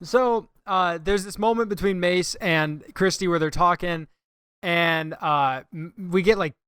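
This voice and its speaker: A man chats through a movie recap on a podcast, laughing now and then and acting out quoted lines. His voice sits high. The sound is close and dry, with no room around it. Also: a little slow, a bit bright, smooth, dry recording. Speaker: podcast host. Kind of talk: casual movie-review chat.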